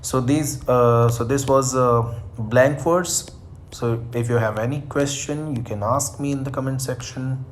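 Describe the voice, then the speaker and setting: A man gives a recorded lecture to first-year college students, working through his slides point by point. He repeats key definitions, sometimes restarts a phrase, and fills gaps with "uh". His pitch sits in the middle range for a man. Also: fairly even intonation, unhurried, a little hiss or hum. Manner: reads out points, repeats them, stops with "uh".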